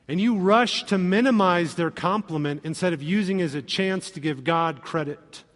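A man preaching a sermon as pastor, animated and acting out quoted voices. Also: sits high, brisk, few pauses. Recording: long reverb of a hall.

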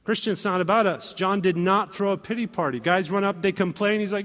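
Male pastor, high voice, animated sermon delivery, reverberant church sound. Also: fairly quick, hardly any pauses. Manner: animated, acts out quoted voices with humor.

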